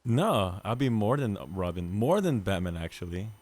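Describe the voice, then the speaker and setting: A man co-hosting a podcast in casual chat, playful and quick to laugh. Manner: playful, laughs often, lively pitch. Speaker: podcast co-host.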